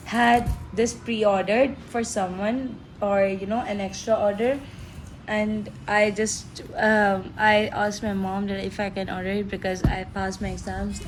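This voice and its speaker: Gushing and frequently giggling, a teenage girl from Pakistan vlogs an unboxing with the excitement of a fan. Her voice is mid-range, and there is a little background noise.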